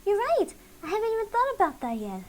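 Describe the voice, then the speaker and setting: A woman voicing a bubbly, excitable matchmaking girl in a game, gushing with enthusiasm. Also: very high voice, fast talker, voice pushed up, full character voice. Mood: excited. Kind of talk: game dialogue read aloud.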